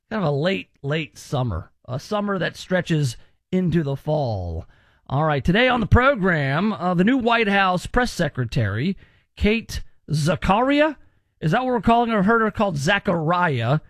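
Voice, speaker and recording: A man's voice: high-pitched, no room sound, clean studio sound. A man hosting a radio talk show, chatty and joking with rambling asides. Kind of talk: casual radio show chat.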